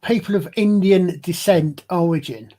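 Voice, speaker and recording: A man's voice: sits high, moderate pace, mellow. A man with a broad Glasgow accent chatting on a panel, hesitant and restarting his sentences often. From Scotland. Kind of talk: casual panel chat.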